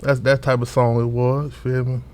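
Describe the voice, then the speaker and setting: A young man from Orlando talks about his rap career in a loose, rambling way, full of street slang and "you know what I'm saying." His delivery stays flat and even, with little rise and fall. He speaks as a guest in a casual interview. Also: mid-range voice, moderate pace. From Orlando, Florida. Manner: loose, repetitive, street slang, frequent fillers. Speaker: rapper guest.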